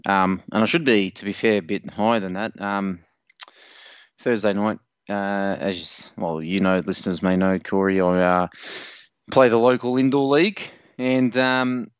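A man's voice: on the low side, fairly even intonation, moderate pace, clear, resonant tone, no echo, highs cut off. A man co-hosting a casual sports podcast, rambling through a story and swearing a lot. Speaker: podcast co-host.

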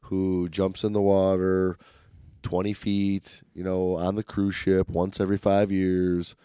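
Relaxed male podcast co-host. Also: sits low, measured pace, smooth, no room sound, studio quality. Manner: rambling, upbeat, many fillers and restarts. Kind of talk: casual chat.

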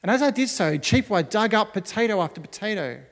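A man telling a story for children in a gentle, expressive, unhurried way. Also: high voice, long reverb tail.

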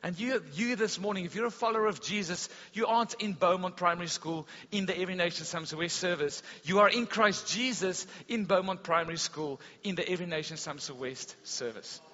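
A man preaching a sermon at a church service, telling stories with a lively delivery that rises loud and drops to a hush. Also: high-pitched, fairly quick, few pauses. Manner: animated storytelling preacher, swings between loud and hushed. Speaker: pastor. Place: school hall service. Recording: dull long-reverb hall sound.

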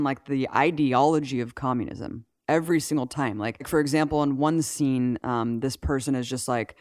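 A woman co-hosting a podcast in casual chat, animated and peppered with 'like'. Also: extremely low pitch, moderate pace, few pauses, no room sound, clean studio sound. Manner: animated, heavy use of 'like'. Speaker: podcast co-host.

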